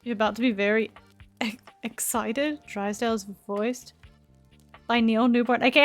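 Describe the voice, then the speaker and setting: A woman's voice: a little high, steady tone, moderate pace, faint music behind. A young woman streaming a dating game, chatting, giggling and bantering back at the characters. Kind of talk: live game streaming commentary.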